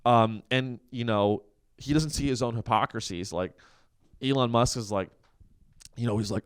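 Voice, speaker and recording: A man's voice: mid-range voice, moderate pace, long pauses, clean tone, no room sound, clean studio sound. A man hosting a podcast, delivering a rambling, profane, sarcastic comedic monologue from a coworking office. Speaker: podcast host.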